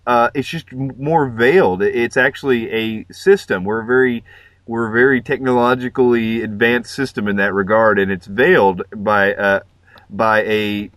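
Male podcast guest, lowish voice, halting filler-heavy chat, dry recording. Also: fairly even intonation, a bit bright, no room sound. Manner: hesitant, filler-heavy, laughs often.

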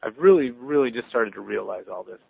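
Gravelly man giving halting testimony. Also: mid-range voice, lively intonation, narrow, tinny audio. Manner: halting, restarts words, many fillers. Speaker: podcast guest sharing testimony. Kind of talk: earnest personal testimony.

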